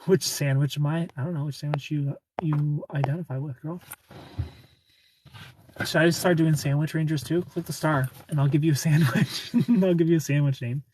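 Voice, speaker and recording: A man's voice: on the high side, steady tone, normal speed, darkish tone, slight background noise. A man from Ohio hosting a live stream, chatting casually, greeting viewers by name and laughing often.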